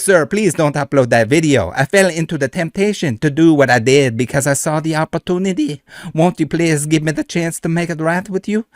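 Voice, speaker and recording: A man's voice: a little high, no echo, clean studio sound, voice pushed up, lightly acted. Man putting on a begging thief in a mock French cowboy accent. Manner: pleading, desperate. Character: adult male thief begging for mercy.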